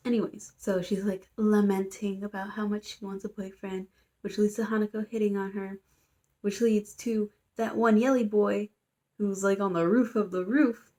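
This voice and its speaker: A young woman talks in a loose, rambling way, padding her sentences with fillers. She recaps things casually and breaks into playful little quotes as she goes. Her pitch sits in an ordinary middle range. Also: level tone, normal speed, warm tone. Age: young adult. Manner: chatty, filler-heavy, playful quoting. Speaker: student vlogger.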